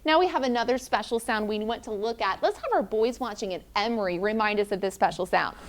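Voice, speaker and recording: A woman teacher leading a classroom phonics lesson, encouraging children and sounding out letters slowly. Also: mid-range voice, slight background noise.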